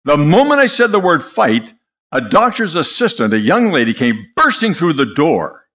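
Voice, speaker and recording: An older man preaching a sermon, impassioned and dramatic, telling stories with pauses for effect. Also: on the high side, big pitch swings, fairly bright tone.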